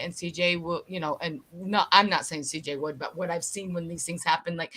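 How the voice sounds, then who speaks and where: A woman with a bright, forceful voice, talking in a casual live chat. She rants bluntly and swears a lot, with a brash edge. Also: on the low side, fairly quick, few pauses. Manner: blunt, profane ranting. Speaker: livestream co-host.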